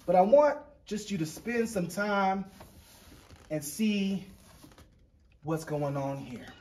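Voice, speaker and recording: A man's voice: high voice, a little mellow. A man hosting a painting demonstration, talking in a playful, chatty, joking way as he walks viewers through each step. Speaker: painting show host.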